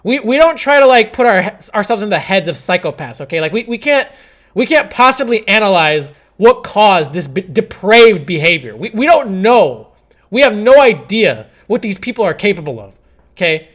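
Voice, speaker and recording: A young man commentating chess on a live stream, exasperated, swinging between shouts and mumbling. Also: high-pitched, very animated, normal speed.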